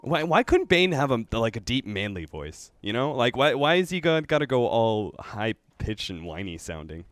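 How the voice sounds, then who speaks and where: A man's voice: medium pitch, moderate pace, few pauses, no echo. A man casting an online game match, mixing rambling casual banter with play-by-play. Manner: rambling, animated, many restarts. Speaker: esports caster.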